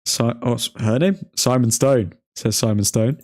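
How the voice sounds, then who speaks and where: A man's voice: medium pitch, normal speed, a little mellow. Young male stream host, casual and chatty, reads updates aloud and hums between them. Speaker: livestream host reading transfer news. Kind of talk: casual live stream chat.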